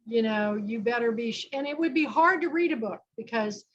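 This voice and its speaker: A woman's voice: a little high, a little fast, lo-fi sound. A woman from Kansas hosting an online book club, chatting and making rambling announcements over a video call.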